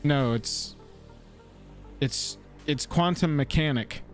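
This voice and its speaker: Excitable slangy man over faint music. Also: fairly high pitch, slow. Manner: excitable, slangy, swears casually. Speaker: co-host of a card game live stream. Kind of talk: casual live stream banter.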